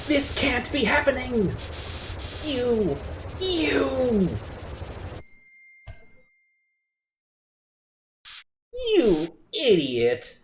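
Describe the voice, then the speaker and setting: A woman's voice: wildly swooping pitch, takes it slowly, roomy sound, noisy background. A woman voicing a gloating, taunting evil male flower who calls himself a god. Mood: furious. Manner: taunting, shrill and manic.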